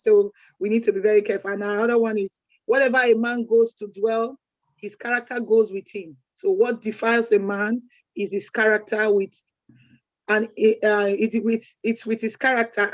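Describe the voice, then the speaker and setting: A woman co-hosting a community event gives the closing remarks, chatty and full of proverbs, restarting her sentences often. Her voice sits at medium pitch with no room sound, though the recording is dull and lo-fi.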